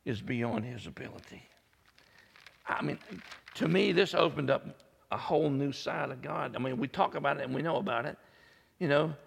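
A man preaching a sermon, building up to loud high-pitched peaks when he stresses a point. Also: creaky, husky, in a large hall. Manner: preaching, climbing into high shouted peaks for emphasis. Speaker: pastor.

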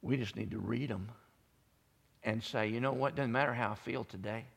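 Gravelly preaching man in a hall. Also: moderate pace. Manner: preaching, climbing into high shouted peaks for emphasis. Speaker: pastor. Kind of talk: sermon.

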